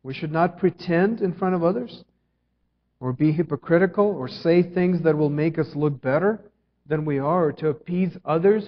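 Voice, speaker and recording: Man preaching in an echoing hall. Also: a little high. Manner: earnest preaching, swings between emphatic and hushed. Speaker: pastor. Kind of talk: sermon. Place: church sanctuary. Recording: dull sound with long reverb in a hall.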